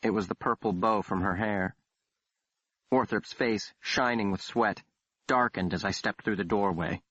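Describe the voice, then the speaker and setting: A man reading a horror audiobook in a measured, dramatic way. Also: lowish voice, a bit bright, husky, no room sound. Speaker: audiobook narrator. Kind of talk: scripted narration. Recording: dull, dry studio read.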